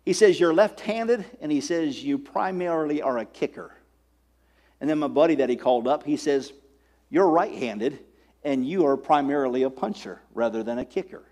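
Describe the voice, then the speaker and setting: Pastor, middle-aged man, high voice, emphatic sermon delivery. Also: moderate pace, darkish tone. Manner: preaching with rising, emphatic call-outs.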